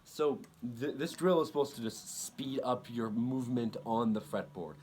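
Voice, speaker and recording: A man giving a casual guitar lesson, talking in halting bursts with many restarts and counting beats aloud. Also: mid-range voice, a little hiss or hum. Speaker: guitar teacher. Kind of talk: casual instructional talk over guitar playing. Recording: loud guitar playing behind the voice.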